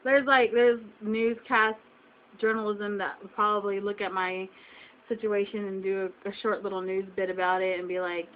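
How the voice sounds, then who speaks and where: A woman's voice: medium pitch, fairly even intonation, moderate pace. A young woman venting to her viewers, upset and close to tears, repeating herself and firing off rhetorical questions. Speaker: vlogger. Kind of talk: emotional venting to camera. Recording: dull lo-fi webcam audio.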